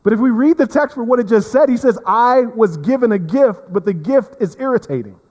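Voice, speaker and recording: A man's voice: extremely high pitch, animated, a little fast. Earnest male pastor preaching in a hall. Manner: earnest, repeats words, swings from emphatic to hushed. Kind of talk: sermon. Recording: long reverb of a hall.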